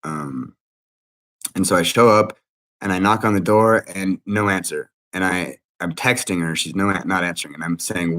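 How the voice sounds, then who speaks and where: Man, 30s, very deep voice, agitated, swearing, halting restarts, personal account. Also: fairly bright tone. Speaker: interviewee.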